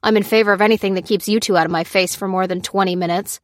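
A woman voicing a gruff, short-tempered male army sergeant who snaps out orders. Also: mid-range voice, fairly even intonation, fast talker, dry recording, studio quality, lightly acted.

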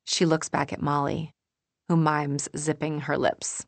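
A woman narrating a first-person audiobook in a calm, measured, introspective manner. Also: deep voice, creaky, no room sound.

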